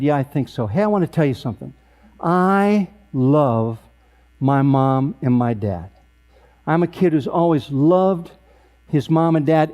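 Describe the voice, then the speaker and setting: A man in his sixties, emceeing an awards event, telling a funny family story in a deadpan way with sharp comic timing. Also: on the high side.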